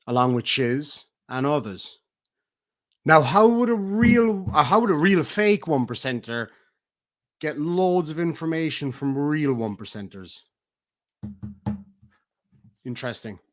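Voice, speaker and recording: A middle-aged Irish man ranting on a livestream, profane and taunting, swinging between loud outbursts and low mutters. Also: animated, unhurried, pauses often. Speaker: streamer. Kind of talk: heated livestream rant.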